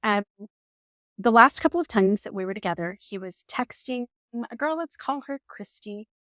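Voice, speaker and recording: A woman in her forties telling a personal story on her vlog in an animated, emotional way, laughing now and then. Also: medium pitch, normal speed, no echo, studio quality. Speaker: vlogger.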